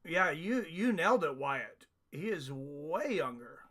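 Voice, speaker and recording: A man's voice: fairly high pitch, very animated, measured pace, pushed and bright. A man hosting a live fight watch-along, chatting casually and reading viewer comments aloud. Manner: reads chat comments aloud, laughs often. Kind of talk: casual live stream chat.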